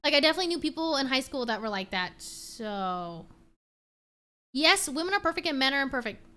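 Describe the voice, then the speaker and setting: A woman's voice: high-pitched, a little fast. A young woman streamer in casual late-night chat, talking animatedly and reacting to her chat. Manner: chatty, animated, talks to her pet and chat.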